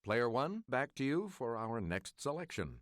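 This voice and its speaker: A male quiz host reads each clue in a measured, crisp delivery. His voice sits at a middle pitch but moves up and down a lot. He keeps things brisk as he hands the board back to the player. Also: very animated, no room sound, studio quality. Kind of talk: scripted quiz hosting.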